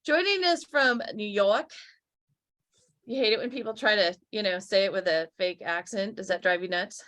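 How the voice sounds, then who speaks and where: A woman's voice: medium pitch, normal speed, fairly bright tone. A woman hosting a podcast interview, chatty, teasing and upbeat as she thanks listeners and welcomes her guest. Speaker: podcast host. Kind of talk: casual interview chat.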